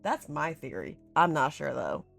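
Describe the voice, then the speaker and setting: Woman vlogger, deep for her sex, unhurried, casual and chatty, faint music behind. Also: big pitch swings, vocal fry, a bit bright. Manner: chatty and rambling, full of "like", with laughs and swearing. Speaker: vlogger recapping a horror series. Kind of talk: casual chat.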